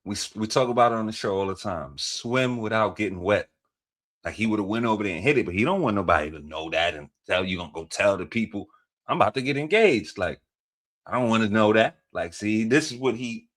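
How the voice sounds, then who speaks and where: A man co-hosting a reaction show, talking in a slangy, animated way as he reacts to clips. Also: fairly low pitch, fairly quick. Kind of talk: casual reaction commentary.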